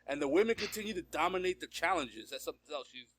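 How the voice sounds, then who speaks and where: A man's voice: on the high side, animated, fast talker, fairly bright tone. A man hosting a casual interview, upbeat, laughing often and restarting his sentences. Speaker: podcast host.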